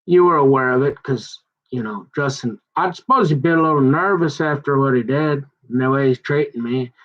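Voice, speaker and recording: A man telling a long personal grievance in a rambling, halting way, often restarting his sentences and growing heated as he goes. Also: mid-range voice, fairly bright tone, muffled recording. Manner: aggrieved, heated. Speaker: son recounting a family conflict.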